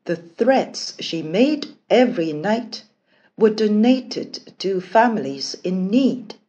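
A woman narrates a fairy tale in a slow, deliberate bedtime-story reading. Her pitch moves freely and expressively across each sentence, and she takes plenty of time over every phrase. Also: expressive, dark tone, dull audio.

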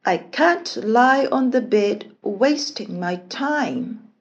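A woman voicing a kind young princess in a storybook, a little higher than her narrating voice. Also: expressive, drawn-out words, muffled recording. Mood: determined.

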